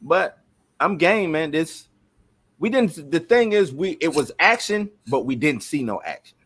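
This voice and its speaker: A man co-hosting a casual show review, talking in a relaxed, conversational way. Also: a little high, measured pace, slightly rough. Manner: relaxed, conversational, "you know what I'm saying". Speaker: podcast co-host. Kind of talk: casual chat.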